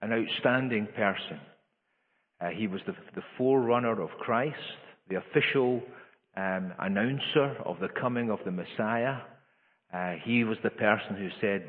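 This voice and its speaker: Man preaching in an echoey hall, tinny sound. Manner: earnest, rises in pitch and force for emphasis, frequent restarts. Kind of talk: sermon.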